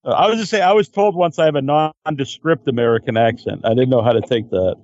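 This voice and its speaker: A male interviewer asking halting, hesitant questions in a casual chat, recorded with dull, dry audio. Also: medium pitch, a little mellow, no echo.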